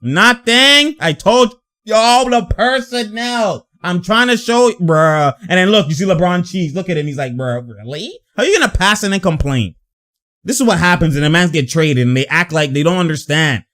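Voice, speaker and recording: Brief: young male host, excitable reaction commentary, slangy, laughs a lot, somewhat high voice. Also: normal speed. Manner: animated, laughing, repeats phrases, slangy. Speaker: sports commentator.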